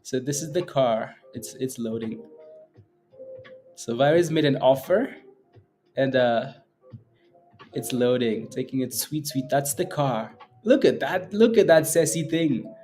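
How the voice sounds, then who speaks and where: Slow-talking man hosting a trading stream. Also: mid-range voice, lively intonation, darkish tone, faint music behind. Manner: playful, laughs often, greets chat viewers by name. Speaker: day-trading livestream host. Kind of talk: casual livestream chat with viewers.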